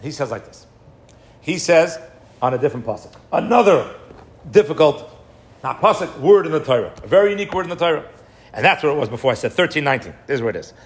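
Male Torah teacher, fairly high voice, animated, quizzes himself as he lectures. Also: quick pace. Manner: animated, asks and answers his own questions.

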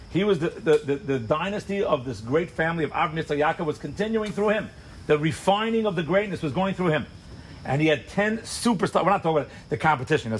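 Male Torah teacher, higher-than-average voice, rapid-fire animated storytelling for a live room, faint background hum. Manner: fast, animated storytelling with rhetorical questions and acted asides. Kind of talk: sermon-style Torah class.

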